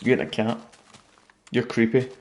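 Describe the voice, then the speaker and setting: A man's voice: mid-range voice, animated, moderate pace, natural voice. A man voicing a swaggering, confrontational male cat. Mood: dismissive. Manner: confrontational, dismissive.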